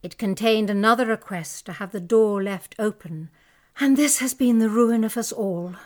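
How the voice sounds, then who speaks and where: A woman's voice: medium pitch, moderate pace, darkish tone, lightly acted. A young woman playing a distressed young noblewoman, speaking with emotion in a dramatic audiobook reading. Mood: sorrowful. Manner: emotional, pleading and indignant.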